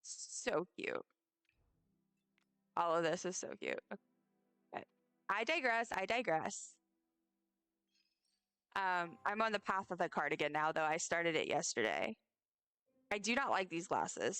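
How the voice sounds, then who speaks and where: Young woman streamer rambling to chat, smooth but kinda gravelly, some quiet music behind. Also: lowish voice, big pitch swings, normal speed, long pauses, no echo. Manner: rambling, chatty, talks straight to her chat. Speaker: game streamer. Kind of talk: casual live-stream chat while playing.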